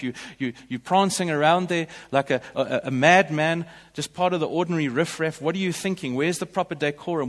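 A preacher acting out a disgusted queen who scolds her husband, in an indignant, rapid-fire way, with a long church-hall reverb. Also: a little high, voice pushed up, lightly acted. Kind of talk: preacher acting out a scripture character.

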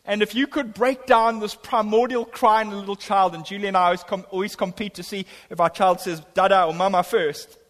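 A man's voice: high-pitched, steady tone, brisk, hardly any pauses, a bit bright. A middle-aged man preaching a sermon as pastor, his voice swelling on key lines. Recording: long hall reverb.

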